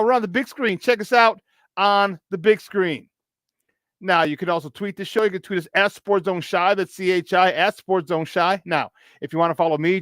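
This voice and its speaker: A man's voice: sits high, fairly bright tone, no echo. A man with a Chicago accent hosting a live morning sports talk show, riffing playfully through promos with asides.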